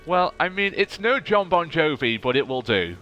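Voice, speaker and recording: A man giving animated, chatty let's play commentary as he plays. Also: a little high, moderate pace, dull audio, soft background music. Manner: animated, chatty, self-deprecating. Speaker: gaming video host.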